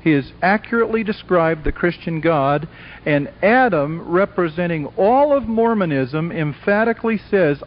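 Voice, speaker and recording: A man with a fairly high voice delivers an evangelistic lecture to a live audience, emphatic and dramatic. He slips into the voices of characters as he tells a story. The sound is a dull, lo-fi old tape recording. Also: lively intonation, moderate pace. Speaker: Christian speaker. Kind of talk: evangelistic lecture with acted dialogue.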